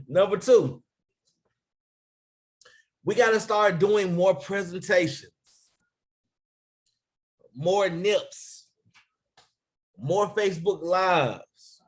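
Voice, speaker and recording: Speaking very slowly with frequent pauses, a business coach addresses his team on a live stream in a voice slightly high for a man. He's energetic nonetheless, repeatedly asking viewers to comment and calling out names.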